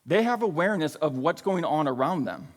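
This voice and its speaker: Pastor guy preaching loose and chatty, a bit high voice, big church echo. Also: big pitch swings, a little fast. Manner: casual, conversational preaching with frequent "right?" and "like". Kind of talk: sermon. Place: church sanctuary. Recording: long reverb of a church hall.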